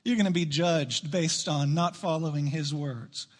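A man preaching a sermon to his church, emphatic, rushing through asides and slowing down to stress key lines. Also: fairly high pitch. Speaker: pastor. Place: church sanctuary.

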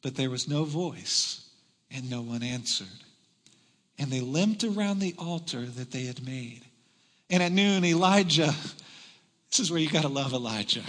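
High bright-voiced man preaching in a big hall. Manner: dramatic storytelling, swings from loud to hushed. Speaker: pastor. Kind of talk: sermon. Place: large church hall.

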